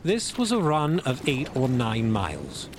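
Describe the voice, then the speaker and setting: A man narrating a classic adventure novel in a measured, expressive reading. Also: medium pitch, noisy background. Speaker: audiobook narrator. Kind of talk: storybook reading.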